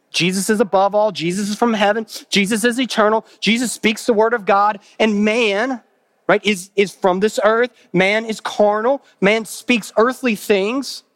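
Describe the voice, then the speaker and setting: High-voiced man preaching a sermon. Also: a bit bright, no echo, studio quality. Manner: earnest, repeats phrases for emphasis, asks the congregation questions. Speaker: pastor.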